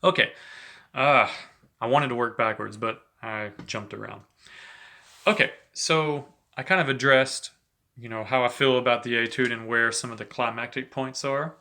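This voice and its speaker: A man giving a relaxed, chatty saxophone lesson, talking between played examples and filling his talk with "you know". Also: medium pitch, normal speed. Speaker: saxophone teacher. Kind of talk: casual instructional talk between playing examples.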